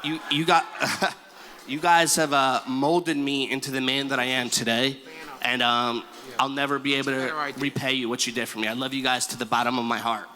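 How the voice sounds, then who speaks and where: A man's voice: mid-range voice, flat delivery, normal speed, pushed and bright. A man in his twenties giving an exuberant, stumbling wedding thank-you speech as the groom in a reception hall. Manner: exuberant, stumbling, calls out to the room. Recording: echoey hall with faint ambience.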